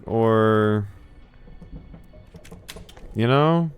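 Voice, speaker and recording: A man's voice: lowish voice, expressive, slow, pauses often, fairly bright tone, smooth, dry recording, faint music behind. A man hosting a let's play, reading game text aloud with sarcastic, joking asides. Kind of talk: playing a game and reading along.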